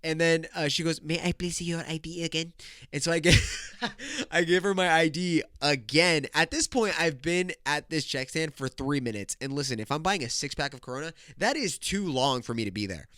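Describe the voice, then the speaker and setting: A man in his twenties hosting his own podcast from home, telling a story casually. He is animated, swears freely and laughs as he goes. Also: on the high side, moderate pace, no echo, studio quality. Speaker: podcast host.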